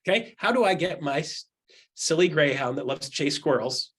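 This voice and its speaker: A middle-aged man coaching real estate agents on a video call, animated, acting out quotes in jumpy voices. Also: moderate pace, breathy edge. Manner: animated, acts out quotes with jumps in pitch. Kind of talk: energetic coaching talk.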